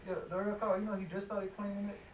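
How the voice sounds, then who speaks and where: A young man from the Miami area joking and arguing loudly with a friend in casual banter. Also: sits high, little pitch movement, fast talker, heavy background noise. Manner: joking, argues loudly, laughs. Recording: roomy echo, off mic.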